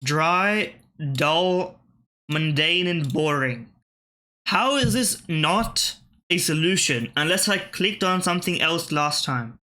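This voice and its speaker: Muttering through word puzzles, a gaming channel host gives casual let's-play commentary at a slow pace with lively intonation. His voice rings bright and sharp and runs a little high for a man, while he swears offhandedly and trails off mid-thought.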